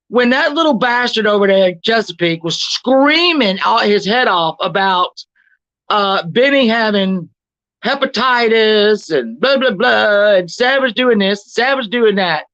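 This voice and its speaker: A woman's voice: mid-range voice, animated, unhurried, fairly bright tone, dry recording, dull audio. A woman hosting a livestream who rants in a profane, combative way, mocking her critics and reading chat comments aloud before firing back at them. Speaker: livestream host. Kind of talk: confrontational livestream rant.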